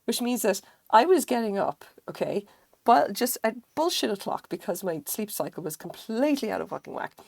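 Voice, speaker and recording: A woman's voice: mid-range voice, animated, moderate pace, creaky, a little mellow, dry recording. A woman streaming live, chatting casually with her viewers in a rambling way and swearing freely. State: recovering from illness, sense of taste dulled. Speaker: craft streamer.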